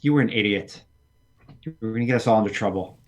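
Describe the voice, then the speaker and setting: A man's voice: on the low side, quick pace, natural voice. A man voicing a ruthless, scheming young noblewoman who talks with cold, profane contempt, in a tabletop game.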